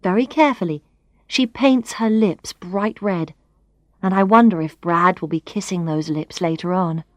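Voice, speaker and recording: Woman narrator, storybook reading, lively pitch, dry close sound. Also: a little slow, no room sound. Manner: expressive, clear, first-person reading. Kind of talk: scripted narration of a learners' story.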